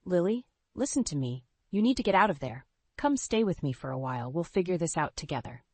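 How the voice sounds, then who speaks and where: A woman voicing a caring longtime female friend who speaks gently but firmly, in a storybook reading. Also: fairly low pitch, sing-song, fairly quick, no echo.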